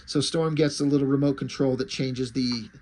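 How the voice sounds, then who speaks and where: A man's voice: mid-range voice, steady tone, normal speed, a little mellow. A man reviewing comics in a casual, wry way, with fillers and mild swearing. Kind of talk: casual chat.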